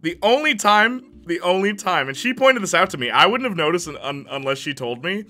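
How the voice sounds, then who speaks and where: A man's voice: high-pitched, expressive, a little fast, sharp tone, faint music behind. A young man casually chatting with his live-stream audience, often stammering, repeating words and laughing between remarks.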